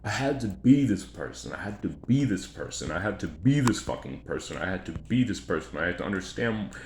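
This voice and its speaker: A man's voice: low-pitched, lively intonation, fairly quick. A man in a rambling, profane, repetitive monologue about himself, often repeating phrases for emphasis. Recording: echoey room, faint background noise.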